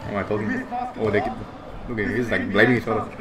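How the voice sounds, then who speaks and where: A young man giving excitable, foul-mouthed reaction commentary. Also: lowish voice, rapid-fire, over a noisy crowd. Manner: excitable, swears a lot, bursts of shouting. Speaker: vlogger reacting to basketball footage.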